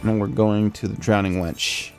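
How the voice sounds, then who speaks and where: A man's voice: on the low side, flat delivery, moderate pace, creaky, music in the background. A man streaming a game, thinking aloud in a chatty, self-deprecating way. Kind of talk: casual gameplay commentary.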